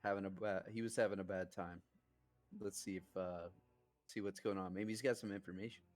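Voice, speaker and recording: A man's voice: low voice, steady tone, a little fast. A man playing a tabletop game, chatting casually in character with frequent restarts. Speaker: player.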